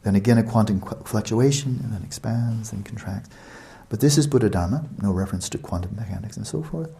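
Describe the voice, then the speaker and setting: Male meditation teacher, lower register, mellow and relaxed tone; expansive, explanatory retreat-talk delivery with repetition and asides. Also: fairly quick, vocal fry. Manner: expansive, explanatory, repeats words for emphasis; conversational asides to listeners.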